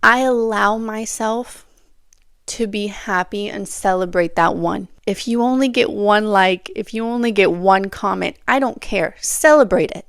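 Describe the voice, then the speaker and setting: A woman's voice: mid-range voice, measured pace, gravelly, clear, resonant tone, no echo, studio quality. Sassy woman giving pep-talk advice. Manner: sassy, animated, addresses listener as "girl". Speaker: podcast host. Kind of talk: solo advice podcast, casual chat. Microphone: phone or camera on charger.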